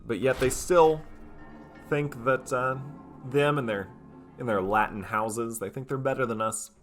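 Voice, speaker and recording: A man's voice: mid-range voice, unhurried. A man commentating his strategy game in character, musing and playfully boastful, with frequent hesitant fillers. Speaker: gameplay commentator. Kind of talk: let's play commentary in role. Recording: faint music behind voice.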